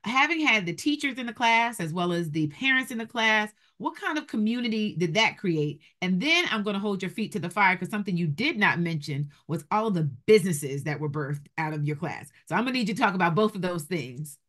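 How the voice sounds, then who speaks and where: A woman hosting a talk show, asking a guest direct, measured questions. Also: medium pitch, lively intonation, fairly bright tone. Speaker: host. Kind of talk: interview questions.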